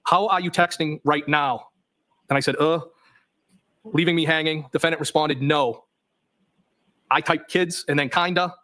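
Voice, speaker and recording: A man's voice: fairly high pitch, fairly even intonation, moderate pace, pauses often, sharp tone. A man testifying as a witness in a courtroom, reading text messages aloud and naming each punctuation mark. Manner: reads plainly, voicing punctuation marks. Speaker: trial witness.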